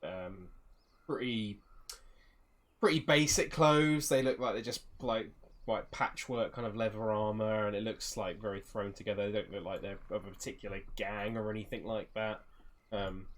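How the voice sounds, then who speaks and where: A man running a tabletop game as game master, describing the scene with many pauses and fillers. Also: on the low side, fairly even intonation. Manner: hesitant, lots of fillers.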